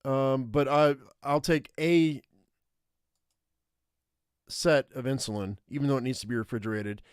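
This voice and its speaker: A man's voice: mid-range voice, steady tone, a little slow, clear, resonant tone, no room sound, studio quality. Man thinking aloud over game choices. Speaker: streamer. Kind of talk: reading an interactive story aloud with live commentary.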